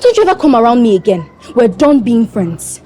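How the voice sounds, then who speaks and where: An actress playing an indignant young friend, reproachful, with a Nigerian accent. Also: female voice, on the high side, very animated, fairly quick, mellow, slight background noise.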